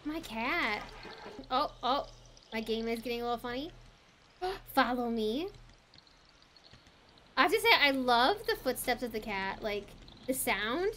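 A woman streamer giving excitable, gasping commentary as she plays a game live and chats to her viewers. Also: fairly high pitch, measured pace, pauses often, a little hiss or hum. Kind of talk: live let's play commentary. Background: game music.

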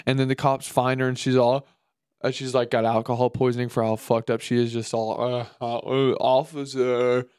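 Man hosting a solo comedy podcast, crude and animated, dry recording. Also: medium pitch, brisk, smooth, no room sound. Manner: profane, animated, mocking, puts on silly voices. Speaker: podcast host. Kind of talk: casual solo comedic rant.

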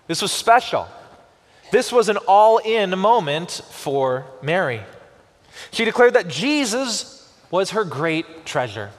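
A man preaching a sermon as pastor, with expressive delivery and slow, emphatic pauses on key words. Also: sits high. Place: church sanctuary. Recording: long church reverb.

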